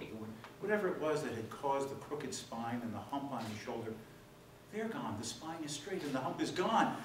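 Animated man lecturing in an echoey hall. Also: mid-range voice, brisk. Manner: animated storyteller, voices the joke characters. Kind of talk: public lecture opening with jokes. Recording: echoey hall, distant mic, room noise.

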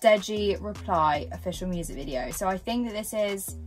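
A woman's voice: mid-range voice, moderate pace, faint music behind. Chatty young woman, giggly reactions. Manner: chatty, giggly, lots of likes and fillers. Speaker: reaction vlogger. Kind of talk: casual reaction commentary.

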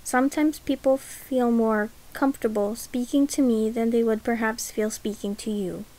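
Careful, guarded noblewoman, read by a woman narrator, slightly high voice. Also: steady tone, warm tone, close to an everyday voice, poor audio. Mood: earnest. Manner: measured and careful.

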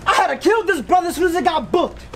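A man from Florida performing in a rap battle, taunting his opponent in punchy bars with shouted bursts. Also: very high voice, lively intonation, fast talker. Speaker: battle rapper. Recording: noisy live event with crowd ambience.

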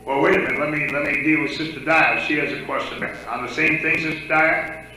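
Bright-voiced preacher in an echoey church. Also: male voice, on the high side, fairly even intonation, fairly quick, a little hiss or hum. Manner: conversational, asks the congregation questions. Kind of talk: sermon with congregation questions.

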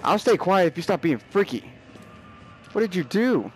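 A man's voice: high-pitched, very animated, normal speed, soft background music. A young man giving let's play commentary, jumpy and nervous, talking back to the game's characters. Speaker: gamer.

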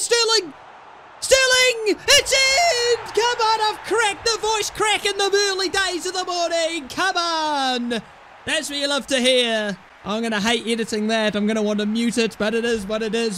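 A young man commentates on a football video game, shouting at his players and yelling in mock outrage. His voice sits very high and sounds bright and forceful, with a faint hiss of noise behind it. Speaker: gaming commentator.

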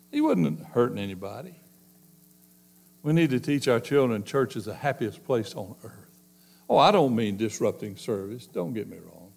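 A man preaching a sermon, telling folksy stories and swinging between loud and soft. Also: medium pitch, moderate pace, creaky. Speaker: pastor.

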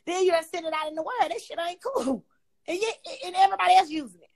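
A woman's voice: very high voice, fast, creaky. A young woman hosting a casual livestream chat, talking bluntly and profanely as she rants at her critics. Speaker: livestream host.

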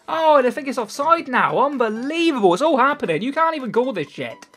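Excitable gamer man, sweary commentary. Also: extremely high pitch, a little fast, faint music behind. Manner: excitable, swears freely, swings between mumbling and shouting. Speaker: gaming YouTuber. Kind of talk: live gameplay commentary.

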